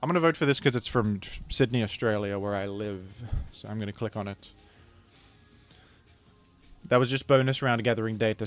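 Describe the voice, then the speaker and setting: A man's voice: lowish voice, moderate pace, long pauses, faint music behind. A man giving casual, rambling gameplay commentary as a video creator, chatting to viewers and often correcting himself mid-sentence.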